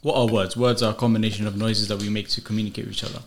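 A man's voice: lowish voice, level tone, very fast, a little hiss or hum. A man, a podcast host arguing his points in casual debate. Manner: argumentative, philosophising.

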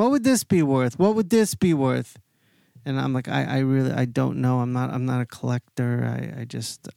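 Gravelly guy rambling thru a story, lots of restarts, dry close mic. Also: medium pitch, a little mellow, no echo. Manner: rambling with frequent restarts and acted-out quotes. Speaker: podcast host telling a personal story. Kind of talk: casual storytelling monologue.

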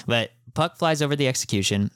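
A man's voice: mid-range voice, expressive, fast talker, a bit bright, clean tone, no echo, clean studio sound. A man co-hosting a podcast, recapping a manga in loose, rambling casual chat, full of fillers and casual swearing. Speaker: podcast co-host.

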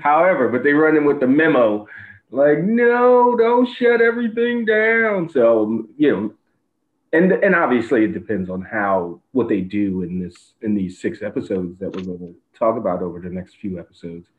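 A man's voice: on the low side, normal speed, phone-quality sound. A man co-hosting a podcast in casual chat, rambling through his points with frequent restarts. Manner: rambling, with many restarts and fillers. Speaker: podcast co-host.

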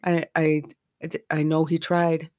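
A woman's voice: deep voice, monotone, measured pace, darkish tone, no room sound, clean studio sound. A middle-aged woman hosting a podcast, talking frankly and candidly from her own experience. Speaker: podcast host. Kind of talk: candid personal podcast talk.

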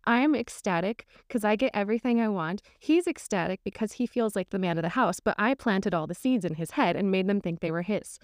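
A woman's voice: mid-range voice, lively intonation, brisk, hardly any pauses, no room sound, clean studio sound. A woman relationship coach talking frankly and candidly on a podcast, laughing often as she speaks.

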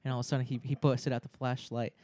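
A man's voice: mid-range voice, flat delivery, very fast, dark tone, no room sound, clean studio sound. A young man telling a story in casual chat among friends, laughing often and acting out the people he quotes.

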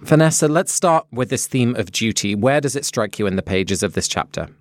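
A man co-hosting a podcast, animated and talking in quick bursts in casual conversational discussion. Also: on the low side, no echo. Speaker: podcast co-host.

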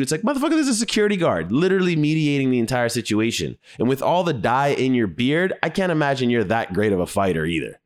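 A man's voice: mid-range voice, very animated, fast talker, hardly any pauses. Blunt, profane male video commentator. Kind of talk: casual reaction commentary.

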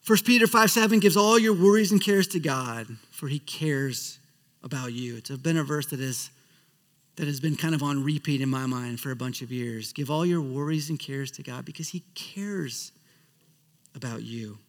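A man preaching a sermon as a pastor, earnest, often dropping to a soft hush at the ends of phrases. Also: mid-range voice, normal speed, long reverb tail.

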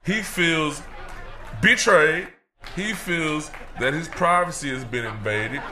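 A man playing a brash, cocky comedic talk-show persona, ranting loudly with profanity and laughing through his lines. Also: on the high side, slow pace, background noise. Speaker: segment host. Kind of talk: comedic in-character rant.

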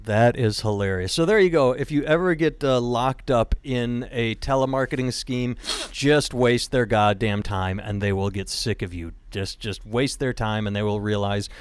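A man hosting a casual podcast, loose and profane as he chats, jokes and signs off. His voice sits at a middle pitch, recorded close in a dry room with no echo. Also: normal speed, clear, resonant tone. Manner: profane, chatty, plugs websites. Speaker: podcast host.

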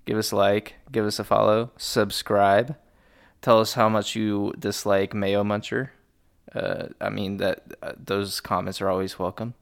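A man's voice: lowish voice, level tone, measured pace, vocal fry. A young man hosting a podcast in casual banter, laid-back and swearing freely. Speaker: podcast host.

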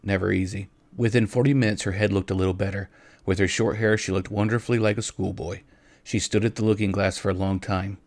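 Man reading a story out loud, gentle, kinda low voice, dry close sound. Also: fairly even intonation, quick pace, no room sound. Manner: gentle, addresses listeners directly. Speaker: reader. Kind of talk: storytelling narration.

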